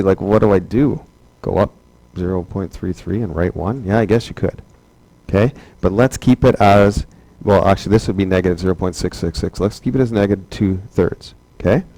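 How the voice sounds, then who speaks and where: A man's voice: on the low side, mellow, dry recording, poor audio. A man teaching a math class, chatty and joking, asking rhetorical questions over and over. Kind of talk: classroom lecture.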